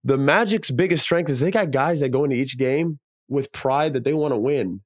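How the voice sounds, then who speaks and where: A man, a former professional basketball player, co-hosting a casual sports podcast, talking in an animated, emphatic way with slang and casual swearing. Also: medium pitch, moderate pace, no echo, clean studio sound.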